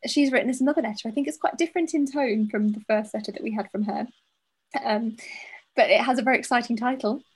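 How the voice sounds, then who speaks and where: A woman's voice: on the high side, fast talker, breathy edge. A woman co-hosting a podcast, chatting candidly and reading a listener's letter aloud, laughing often. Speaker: podcast co-host.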